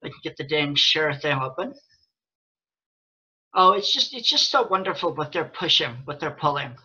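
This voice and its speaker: A man's voice: a little high, expressive, moderate pace, pushed and bright, husky, dull audio. A man ranting angrily and sarcastically to his viewers, swearing often and restarting his sentences. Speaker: vlogger. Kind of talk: angry rant to camera.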